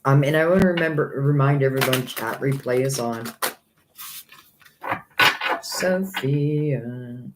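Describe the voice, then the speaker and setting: A man's voice: mid-range voice, fairly quick, hardly any pauses, heavy background noise. A man giving psychic tarot readings on a live stream, rambling and thinking aloud, earnest and a little hurt by critics.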